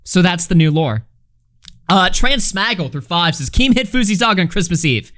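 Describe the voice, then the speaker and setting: A man's voice: sits high, animated, moderate pace, fairly bright tone. A man live-streaming a casual reaction, swearing freely, laughing and reading chat messages aloud. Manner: loose, profane, laughing, reads chat aloud.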